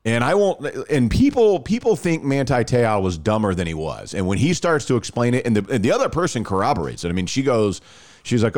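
A man telling a long story in casual chat, animated and full of restarts. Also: mid-range voice, a little fast.

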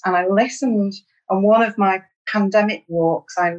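A woman's voice: mid-range voice, normal speed, lo-fi sound. A woman from Manchester with a Mancunian accent, a podcast guest speaking candidly and self-deprecatingly, with fillers. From Manchester, England. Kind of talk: podcast interview.

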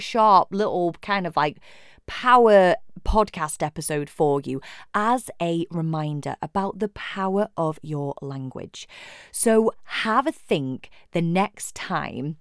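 Solo podcast host, female coach, very animated pitch, dry close sound. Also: smooth, no room sound. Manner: expressive, acts out imagined voices.

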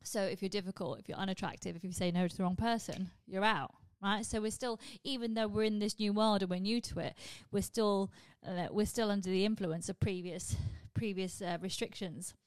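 A young woman, a comedian hosting a podcast, ranting in a casual, animated and sweary monologue. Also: mid-range voice, fairly quick, few pauses, smooth, no echo.

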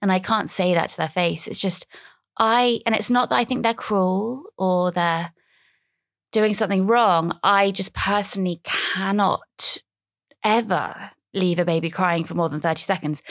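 A woman's voice: medium pitch, normal speed, a bit bright, no room sound, clean studio sound. A woman, talking casually and at length on her own podcast, rambling with self-mocking asides. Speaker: podcast host. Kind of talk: casual solo podcast chat.

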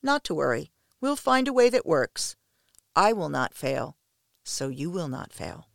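A woman voicing a stern, commanding female captain who gives clipped, measured orders in a story reading. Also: low voice, very animated, gravelly, dry recording, clean studio sound, heavily acted.

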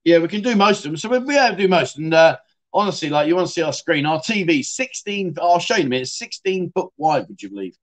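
A middle-aged man chats loosely on a livestream. He answers viewers in a blunt, joking way and keeps calling them mate. His voice sits a little higher than most men's. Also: sing-song, fast. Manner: chatty, blunt, swears, jokey, says mate a lot. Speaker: livestream host. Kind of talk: casual chat reading viewer comments.

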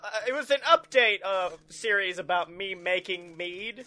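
A man's voice: sits high, expressive, moderate pace, bright, forceful tone. A man co-hosting a podcast in casual chat, loose and profane, laughing easily. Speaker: podcast co-host.

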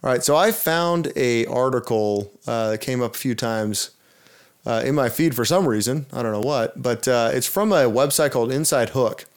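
A man's voice: mid-range voice, moderate pace. A man co-hosting a casual podcast, laid-back and rambling. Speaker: podcast co-host.

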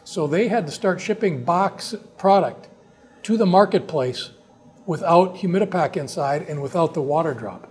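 Guy with a bit of a higher voice rambling through an old business story, lots of restarts. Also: lively intonation, moderate pace, a little mellow. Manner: long rambling anecdotes with frequent restarts. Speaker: guest, company co-founder. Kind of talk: casual storytelling in conversation.

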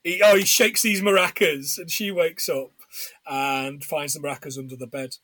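A high-pitched English man with a bright, forceful tone chats about a film. He laughs often and retells scenes in a dry, close recording. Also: fairly even intonation, moderate pace, no echo. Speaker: podcast co-host. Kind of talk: casual film chat.

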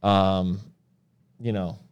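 A man co-hosting a casual podcast, talking in a relaxed, rambling way with lots of fillers. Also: low voice, drawn-out words, clean tone, lo-fi sound. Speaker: podcast co-host, supplement store owner.

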